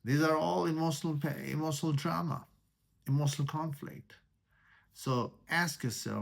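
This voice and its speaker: A man teaching meditation in a spiritual talk. He speaks deliberately, repeats key words, and poses rhetorical questions. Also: on the high side, creaky.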